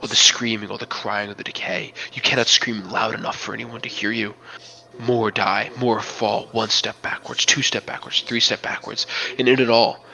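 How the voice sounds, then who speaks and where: A man narrates a tabletop battle as game master, with a bright, forceful edge to his voice. His pitch sits a little low. He tells the story dramatically and often drops to a hush. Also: flat delivery, normal speed, creaky, low-quality recording.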